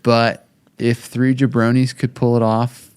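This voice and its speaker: A man's voice: mid-range voice, little pitch movement, unhurried, a little mellow, clean tone. A man co-hosting a casual podcast, trading jokes and teasing banter with his co-host. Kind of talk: casual chat.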